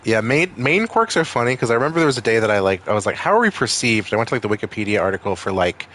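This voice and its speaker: Rapid-fire and fairly low-pitched with a bright tone, a man with a Maine accent rambles through a gaming stream, swearing freely while chatting casually with viewers.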